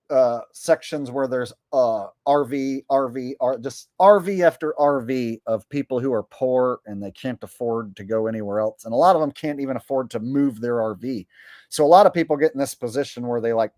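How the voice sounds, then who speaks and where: A man's voice: medium pitch, darkish tone, no room sound, studio quality. A man hosting a livestream with rambling, indignant, profane commentary. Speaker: livestream host.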